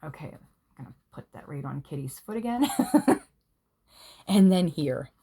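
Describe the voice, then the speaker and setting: A woman giving a casual tarot reading at home, excitable and gushing, swearing freely as she talks. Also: a bass voice. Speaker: tarot reader.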